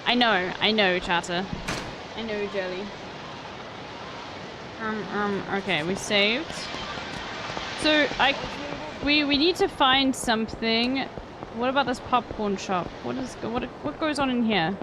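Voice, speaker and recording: A woman's voice: on the high side, a little slow, long pauses, background noise. Chatty young woman streaming a game. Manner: chatty, exasperated, swears freely. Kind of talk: casual gameplay commentary. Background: game music.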